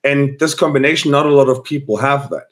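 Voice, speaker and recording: Male guest, mid pitch, casual rambling storyteller. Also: brisk. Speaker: guest musician. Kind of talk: casual podcast chat.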